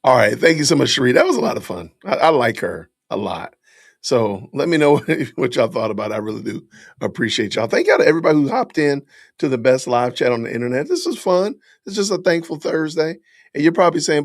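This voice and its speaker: A man's voice: mid-range voice, very animated, fairly quick, dry recording, clean studio sound. A man hosting a live stream, upbeat and chatty, addressing viewers directly. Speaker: podcast host.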